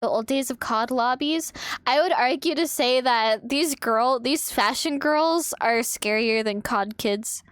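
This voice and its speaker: High-voiced young woman streamer, animated. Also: unhurried, smooth, dry recording, studio quality. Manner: animated, swearing, laughing. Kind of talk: casual chat while drawing. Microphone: desk microphone.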